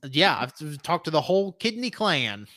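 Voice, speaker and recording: A young man from Alabama with a Southern US accent, hosting a casual podcast chat, animated and swearing freely. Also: fairly high pitch, normal speed. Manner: animated, swearing, laughing often. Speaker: podcast host.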